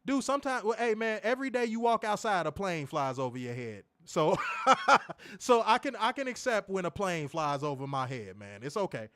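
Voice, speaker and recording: A young man casually reviewing a wrestling show, excitable and slangy, laughing often and repeating phrases. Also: sits high, fairly quick, hardly any pauses, no room sound, studio quality. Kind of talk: casual live-stream commentary reading chat.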